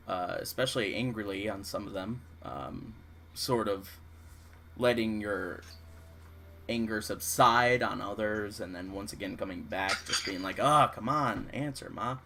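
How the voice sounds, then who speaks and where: A man's voice: fairly low pitch, unhurried, creaky, pushed and bright, a little hiss or hum. A man running a tabletop game as dungeon master, narrating casually with many fillers.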